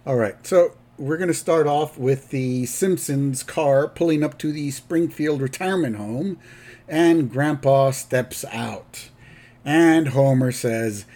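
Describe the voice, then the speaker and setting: A middle-aged man hosting a podcast, retelling a cartoon episode in a slow, rambling way with fillers and self-corrections. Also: mid-range voice, darkish tone. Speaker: podcast host. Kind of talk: casual recap of a cartoon episode.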